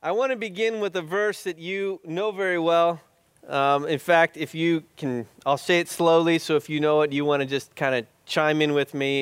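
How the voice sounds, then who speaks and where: A male pastor delivers a sermon in a high, clear voice. He speaks slowly and with emphasis, drawing out key words as he leads the congregation in recitation. The sound is dry and close. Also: dry recording.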